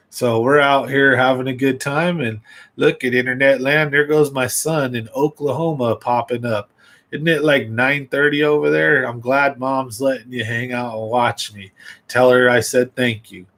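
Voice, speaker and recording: A man hosts a live fishing stream in an easygoing, rambling way. His voice sits at a middle pitch. He chats loosely and speaks straight to the people watching. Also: gravelly, fairly bright tone, low-quality recording. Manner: rambling, chatty, talks straight to viewers. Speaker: fishing livestream host. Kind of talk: casual livestream chat.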